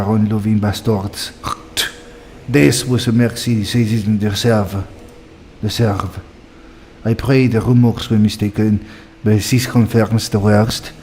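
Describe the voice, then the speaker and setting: A man voicing a gruff, grateful wounded knight in a put-on French accent, repeating words as he reads. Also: lowish voice, dark tone, long reverb tail, a little hiss or hum, natural voice.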